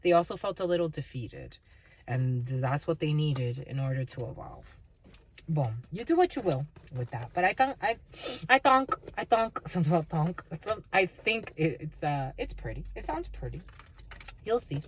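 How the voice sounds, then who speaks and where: A woman's voice: deep voice, expressive, moderate pace, breathy edge. A woman doing a casual, blunt and profane tarot reading, laughing often. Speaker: tarot reader.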